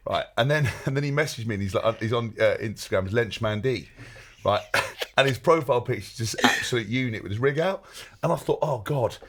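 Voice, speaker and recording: A man hosting a podcast, teasing and joking in quick banter. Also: mid-range voice, fairly bright tone. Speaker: podcast host, former rugby player.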